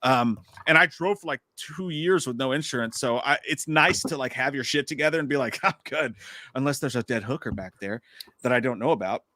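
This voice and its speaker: An animated man talks quickly, acts out the lines of people in his story and swears freely. His voice is bright and a little high. The sound is dry and close. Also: no echo. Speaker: podcast co-host. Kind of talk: casual storytelling chat.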